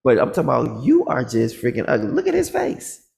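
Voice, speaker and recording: A man vlogging, telling a story casually in an animated, boastful and confrontational way, acting out the other people's lines. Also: mid-range voice, fairly quick, creaky.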